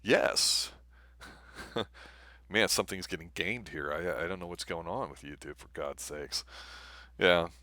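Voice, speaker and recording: Man, host, low voice, bright tone, casual live-stream talk. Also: a little slow, pauses often, no room sound. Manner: easygoing, laughs along. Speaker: movie review show host.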